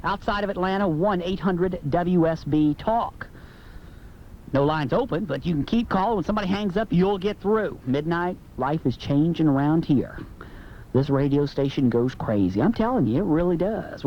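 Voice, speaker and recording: A late-night radio host, a man with a fairly high voice who talks in brash, joking and opinionated bursts. He runs the call-in show with a loose, teasing manner. The sound is a dull, lo-fi AM broadcast tape with a faint hiss underneath.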